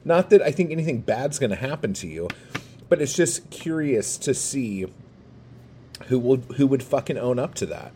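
A man's voice: mid-range voice, very animated, moderate pace, mellow, a little hiss or hum. A man ranting heatedly to camera, swearing constantly and pushing his points with emphatic bursts. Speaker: poet and video creator.

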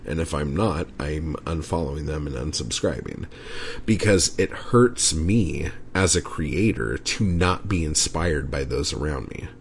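Man, podcast host, low voice, slow drawl, swears a lot, rambling rant, faint noise behind. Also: expressive. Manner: profane, rambling, frequent "like" fillers. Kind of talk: casual solo podcast rant.

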